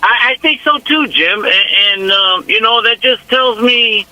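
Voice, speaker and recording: A man's voice: very high-pitched, a little slow, pushed and bright. A man calling in to a radio show, rambling in a folksy way and calling people man and brother, with a Northwest Indiana accent. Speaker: caller. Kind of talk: casual call-in chat. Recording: phone line.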